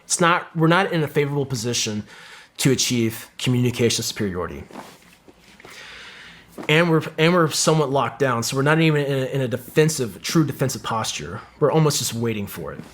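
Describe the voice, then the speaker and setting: This former Marine sniper, a middle-aged man, has an animated, slightly bright mid-range voice and talks fairly quickly. He's sharing a vivid war story casually in an interview, swearing plenty and acting out quotes.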